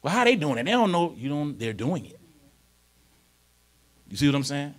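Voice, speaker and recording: A pastor preaches a conversational sermon in church in a voice on the high side, with big pitch swings and a moderate pace. He speaks informally and keeps asking the congregation whether they follow him, becoming louder and more emphatic when reading scripture.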